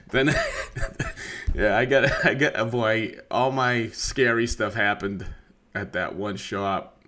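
A man telling a near-miss woodworking story on a podcast in a lively, profane, laughing manner. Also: mid-range voice, extremely slow, long pauses.

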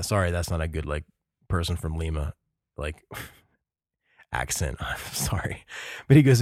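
A man's voice: low voice, expressive, measured pace, pauses often, a little mellow, dry recording, studio quality. A man hosting a podcast in casual chat, enthusiastic and rambling, with many fillers and restarts. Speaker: podcast host.

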